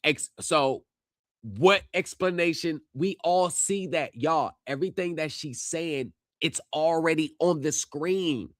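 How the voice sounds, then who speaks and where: A man live-streaming reactions to court footage, talking straight to his viewers and shouting at the screen. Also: fairly high pitch, slow, no room sound, clean studio sound. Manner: heated, yells at the screen; addresses viewers directly.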